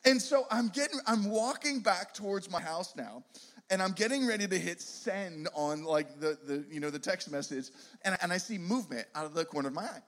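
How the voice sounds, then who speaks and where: High-voiced man telling a rambling funny story. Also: a little fast. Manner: animated, rambling, self-deprecating humor with many restarts. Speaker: youth ministry speaker. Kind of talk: storytelling sermon to a live audience.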